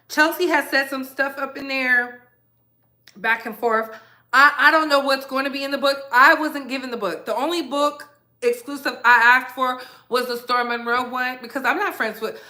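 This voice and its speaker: A woman's voice: high voice, bright, forceful tone. A woman hosting a gossip commentary vlog, blunt, emphatic and sassy in her opinions.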